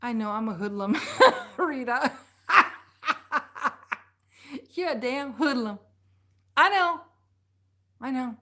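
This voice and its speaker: Middle-aged woman streamer, fairly high voice, loose rambling storyteller who laughs a lot. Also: takes it slowly, long pauses. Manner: rambling, animated, laughs often. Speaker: live stream host. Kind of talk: casual storytelling chat.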